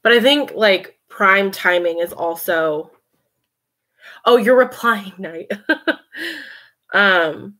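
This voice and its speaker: A woman's voice: medium pitch, slow pace, pauses often, sharp tone. A woman hosting a casual late-night livestream, chatting, reading comments and laughing often. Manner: chatty, laughs often, talks to her cat. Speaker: livestream host.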